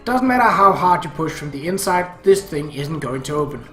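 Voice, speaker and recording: Bright-voiced man narrating wryly. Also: fairly high pitch, expressive, moderate pace. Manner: dry, wry first-person narration. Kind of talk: amateur visual novel reading. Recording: echoey room, faint music.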